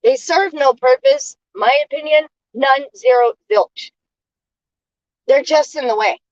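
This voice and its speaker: A woman's voice: sits high, no room sound. Indignant woman ranting, dull lo-fi sound. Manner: indignant, aggrieved rant with halting pauses. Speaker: vlogger. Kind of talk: casual monologue to camera.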